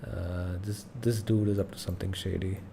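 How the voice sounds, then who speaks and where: A man's voice: deep voice, fairly even intonation, normal speed, vocal fry, noisy background. A man hosting a casual gaming livestream, thinking aloud and muttering as he reads signs under his breath. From India. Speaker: livestream host.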